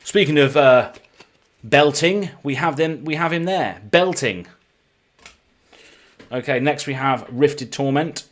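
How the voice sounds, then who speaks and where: A British man from the United Kingdom is streaming live, chatting casually and reading card names aloud in a running list as he opens packs. His voice is mid-range, and he talks a little slowly with long pauses.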